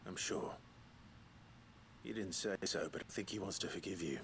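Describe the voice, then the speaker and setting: An actor playing a calm, measured male hero in a video game. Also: sits low, slight background noise.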